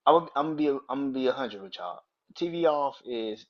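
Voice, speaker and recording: A man hosting a casual podcast, talking bluntly and profanely and breaking into loud, incredulous rants. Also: medium pitch, lively intonation, a little fast, hardly any pauses, muffled recording. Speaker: podcast host.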